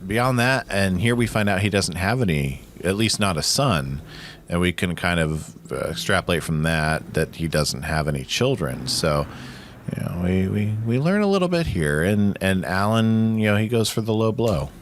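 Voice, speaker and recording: A man's voice: low-pitched, animated, moderate pace, slight background noise. A man co-hosting a casual podcast, talking in an earnest, thoughtful way and restarting words as he builds his point. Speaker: podcast co-host. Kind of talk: casual rewatch podcast chat.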